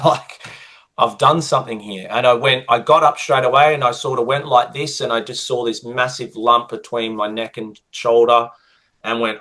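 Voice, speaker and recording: An Australian man, a guest, telling a personal story in an interview with lively acted-out dialogue. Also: medium pitch, normal speed. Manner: animated, acts out quoted dialogue.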